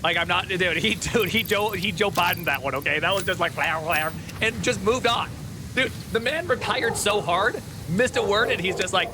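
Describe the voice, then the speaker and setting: A man casually reacting to a video during a live stream, rambling and excitable, laughing often and restarting sentences. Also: sits high, moderate pace, noisy background.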